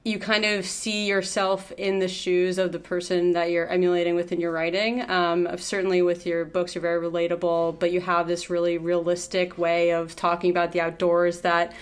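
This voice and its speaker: A woman's voice: on the low side, little pitch movement, normal speed, few pauses, smooth. A woman co-hosting a podcast, asking questions in a chatty, casual way and laughing easily. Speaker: podcast co-host.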